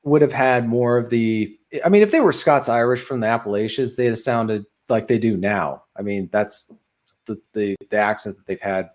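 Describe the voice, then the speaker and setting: A man's voice: medium pitch, moderate pace, a little mellow. Rambling man chatting on a video call. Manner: rambling, digressive, frequent um and uh. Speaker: guest. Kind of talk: casual podcast chat.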